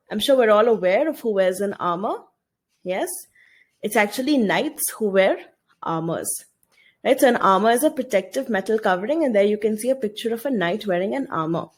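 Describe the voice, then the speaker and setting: In a recorded video lesson, a woman teacher with a mid-range voice reads a story aloud and explains it, frequently asking her students questions.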